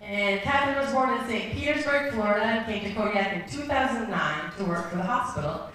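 A woman hosting a storytelling event, introducing the next speaker in a measured way. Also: fairly high pitch, a bit bright. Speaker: event host. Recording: echoey hall from far off.

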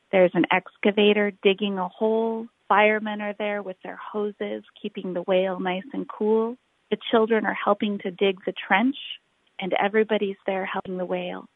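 A woman reading a children's picture book aloud, rhythmic and expressive, drawing out her phrases. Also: medium pitch, no room sound. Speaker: storyteller. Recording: tinny phone-like recording.

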